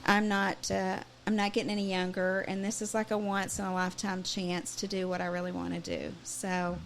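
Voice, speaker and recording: Woman, interview guest, candid, earnest, mid pitch, faint hiss. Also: level tone, a little fast, gravelly. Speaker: guest singer-songwriter. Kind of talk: casual interview chat.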